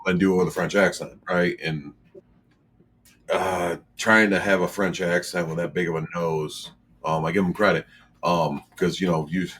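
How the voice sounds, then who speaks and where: A man's voice: low-pitched, steady tone, normal speed, a bit bright, a little hiss or hum. A man talking casually in a podcast chat, rambling with lots of fillers and restarts.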